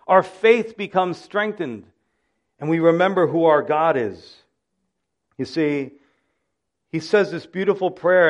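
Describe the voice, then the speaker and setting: A man's voice: sits high, highs cut off. A male pastor delivering a sermon, with impassioned preaching that swells and drops in volume.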